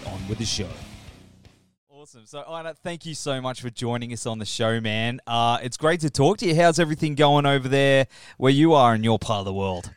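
An Australian man hosts a podcast interview in a friendly, chatty way. His voice sits at an ordinary middle pitch and he talks casually. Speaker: podcast host.

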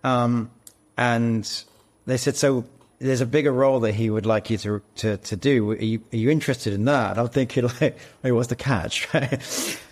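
A man guests on a podcast, explaining ideas and telling a story with lively emphasis. His voice is at an everyday middle pitch for a man. He speaks in a casual conversational way. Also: moderate pace. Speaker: guest, actor and co-founder. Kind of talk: casual interview.

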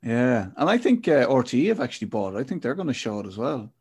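A man's voice: mid-range voice, very animated, fast talker, darkish tone, slightly rough. A middle-aged man hosting a casual chat podcast, telling a reflective, rambling story. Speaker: podcast host.

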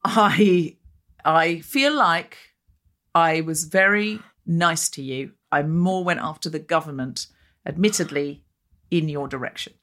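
Speaking slowly in a low voice, this woman hosts a podcast, trading casual comedic chat over a video call. Her storytelling is animated, and she frequently acts out others' words in quotes.

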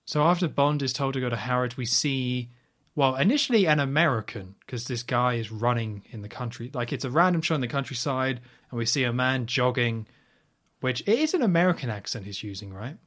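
A man in the middle of an ordinary pitch range hosts a casual podcast. He talks through a film recap in a rambling, chatty way and offers blunt opinions along the way. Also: expressive, fairly quick, a bit bright. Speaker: podcast host.

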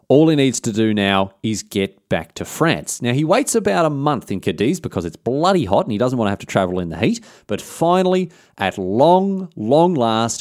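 A man's voice: mid-range voice, darkish tone, dry recording, studio quality. A man hosting a history podcast, telling the story in a casual, slangy, cheeky way.

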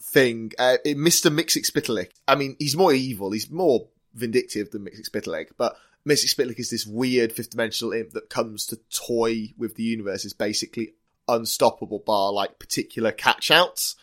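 A man co-hosting a podcast, chatting casually and enthusiastically with quick laughs. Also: mid-range voice, fairly bright tone. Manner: enthusiastic, quick laughs, restarts mid-phrase. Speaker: podcast co-host. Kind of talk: casual chat reviewing a TV episode.

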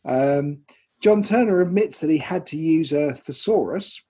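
An English man co-hosting a podcast, reading listener messages out in a slow, deliberate way during casual chat. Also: fairly high pitch, lively intonation, mellow, husky. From England.

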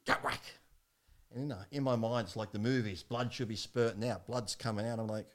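A man tells his story bluntly, swearing often and rambling from one thought to the next. He talks quickly, and his voice sits on the lower side. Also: fairly even intonation. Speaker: guest. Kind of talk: candid podcast storytelling.

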